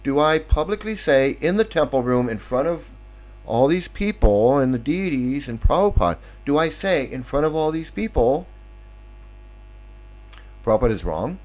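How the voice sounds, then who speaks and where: A man's voice: a little high, lively intonation, moderate pace, darkish tone. Sarcastic ranting male commentator. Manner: sarcastic, combative, rhetorical questions. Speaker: online commentator. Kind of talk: ranting monologue.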